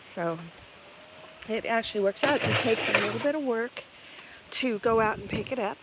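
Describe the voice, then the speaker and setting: A woman's voice: on the high side, normal speed. A woman vlogger telling a rambling story while feeding chickens outdoors on a farm, laughing often. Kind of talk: casual storytelling while doing farm chores. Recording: outdoor recording with clear background noise.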